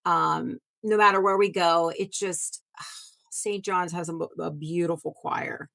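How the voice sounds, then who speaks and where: Earnest devout woman, lowish voice. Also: fairly even intonation, a little slow, creaky, fairly bright tone. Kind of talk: casual chat.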